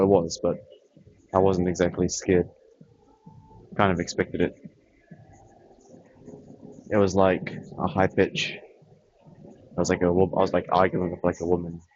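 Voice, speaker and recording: A young man talks through his gameplay in a loose, wandering way, often trailing off mid-thought. His voice sits very low. The recording is a bit dull and muffled, with a faint hum underneath. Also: a little mellow. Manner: rambling, offhand, trails off often. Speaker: gaming vlogger. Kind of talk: casual chat while playing a game.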